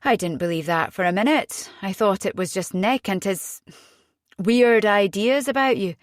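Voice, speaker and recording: A woman's voice: mid-range voice, moderate pace, no echo, clean studio sound, natural voice. A woman voicing a weary husband in an audiobook, reasoning in an exasperated way without much change to her own voice. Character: weary, defensive husband and father.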